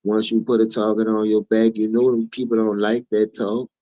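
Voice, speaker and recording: A man's voice: on the low side, completely flat delivery, normal speed, warm tone, dry recording, low-quality recording. A man from New Orleans with a New Orleans accent, hosting his own stream and ranting in heated, profane, preachy commentary. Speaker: streamer host.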